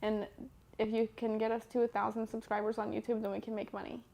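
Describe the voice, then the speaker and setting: A woman's voice: on the high side, little pitch movement, fast talker, gravelly, warm tone. A young woman co-hosting a casual podcast, chatty and loose, with many fillers. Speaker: podcast co-host. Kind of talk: casual chat.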